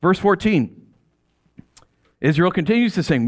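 Animated high-voiced man teaching the Bible. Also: normal speed. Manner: animated, chatty, laughs often, asks rhetorical questions. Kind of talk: casual expository Bible teaching.

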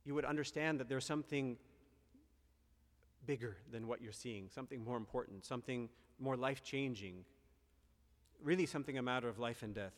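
A man of middle pitch preaches a sermon in a earnest, reflective way. He often pauses and restarts his sentences. His voice rings with a long echo in a large hall. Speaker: priest.

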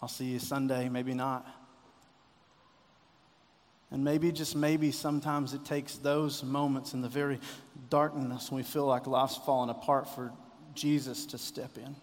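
A man's voice: mid-range voice, level tone, a little slow. Impassioned man preaching in a hall. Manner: impassioned, rises to loud voicing of quoted cries. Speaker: pastor. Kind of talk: sermon.

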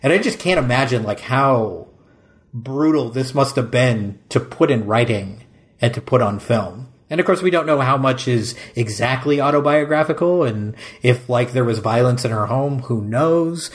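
Male podcast co-host, mid pitch, casual and gushing, heavy on "like.". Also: normal speed. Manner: emphatic, effusive, many "like"s. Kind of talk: casual film discussion.

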